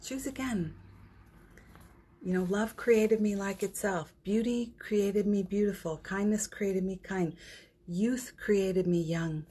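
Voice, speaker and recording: A middle-aged woman, an energy healer, giving a gentle and affectionate spiritual pep talk on a morning livestream, greeting viewers by name and laughing often. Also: medium pitch, steady tone, unhurried, breathy edge. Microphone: phone or computer mic for a livestream.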